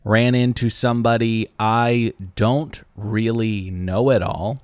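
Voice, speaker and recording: A man co-hosting a podcast, telling a casual story with lively acted-out quotes. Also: takes it slowly, clear, resonant tone, dry recording. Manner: animated storyteller acting out high-pitched quoted voices. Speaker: podcast co-host.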